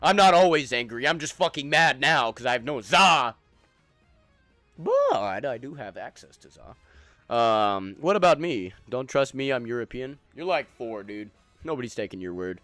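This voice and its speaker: A man's voice: medium pitch, sing-song, normal speed, fairly bright tone, no room sound, soft background music. A young man streaming a game, chatting loosely with friends and chat in profane, rambling banter. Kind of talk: casual gaming stream chat.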